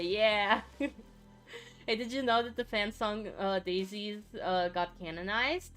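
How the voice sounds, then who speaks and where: A woman streamer rambles to her viewers in a bright, crisp and smooth voice, taking her time. She gushes and swears freely, drifting into side remarks. Soft music plays faintly underneath. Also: medium pitch, normal speed. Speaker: vtuber streamer. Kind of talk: casual live-stream chat.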